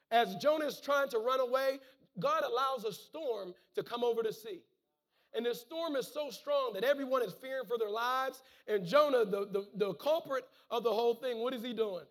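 A man's voice: extremely high pitch, fairly bright tone. A man preaching a sermon, reading scripture and calling out amen and hallelujah, often repeating words as he goes. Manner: fervent, punctuates with calls of amen and hallelujah; repeats words and restarts phrases.

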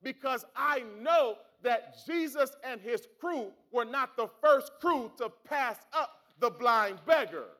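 High-pitched, bright-voiced preacher man. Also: animated, slow, hardly any pauses. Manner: preaching with rising shouts and repeated words. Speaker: pastor. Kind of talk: sermon.

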